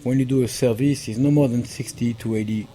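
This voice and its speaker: A man with a thick French accent, a pastry chef guest, telling his story haltingly with many fillers. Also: medium pitch, fairly even intonation, warm tone, slight background noise. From France. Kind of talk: conversational interview.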